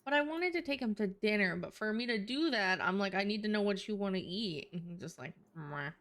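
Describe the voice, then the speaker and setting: A woman's voice: medium pitch, lively intonation, fairly quick, fairly bright tone. A woman streamer chatting casually while she draws, playful and a little scattered.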